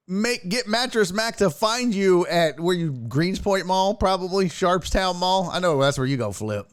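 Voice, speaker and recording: A man hosting a casual streamed sports talk show, profane and excitable, chatting with his viewers. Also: sits high, a little slow, few pauses, clean tone, no echo, clean studio sound. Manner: profane, excitable, talks to chat.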